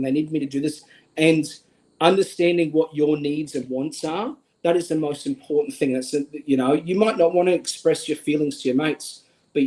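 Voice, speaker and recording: A man's voice: a little high, darkish tone, rough recording. A young man with an Australian accent, speaking earnestly as a guest in a livestream conversation and often repeating a word as he starts a thought. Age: young adult.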